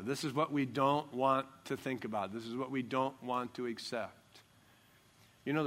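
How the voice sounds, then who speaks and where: A man's voice: medium pitch, sharp tone. An older man preaching a sermon as pastor, emphatic and joking, stressing key words.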